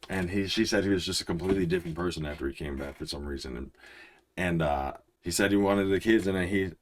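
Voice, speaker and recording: Young male reaction host, very low voice, rambling and excitable, keeps restarting sentences. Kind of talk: casual reaction commentary.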